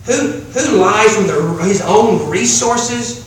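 A man preaching a sermon as pastor, with slow emphatic phrasing that drops to a hush on key lines. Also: high voice. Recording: echoey hall, distant mic, faint room noise.

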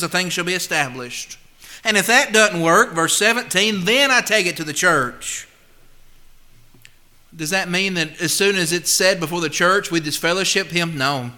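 A male preacher with a high, bright, forceful voice delivering a sermon. He leans hard on his points, drops to near-quiet asides, then swells back up. His scripture readings come slow and measured. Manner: emphatic, swings between loud and hushed; reads scripture slowly and deliberately.

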